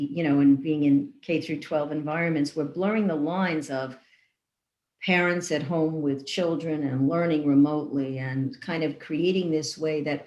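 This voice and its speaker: A woman's voice: sits low, a little mellow. Thoughtful woman guest in an echoey room. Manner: thoughtful, measured, builds long lists. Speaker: guest leader. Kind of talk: conversational interview answers.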